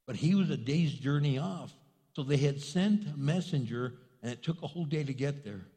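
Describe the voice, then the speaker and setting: A man preaching a sermon as pastor, in a casual, animated style that acts out quotes. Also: a little high, normal speed. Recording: long reverb in a large hall.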